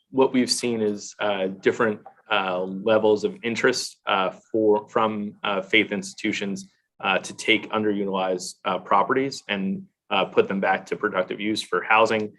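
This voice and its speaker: Man, government official, low-pitched, hesitant fillers, video call hearing. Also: fairly bright tone. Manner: halting, many "uh" fillers. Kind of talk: answering questions at a hearing.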